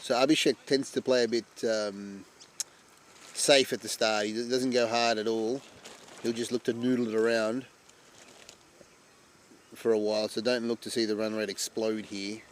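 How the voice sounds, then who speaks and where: A man's voice: on the low side, moderate pace, long pauses, slight background noise. Man calling amateur cricket. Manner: chatty, bursts into loud excitement at wickets. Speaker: cricket commentator. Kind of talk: live amateur sport commentary.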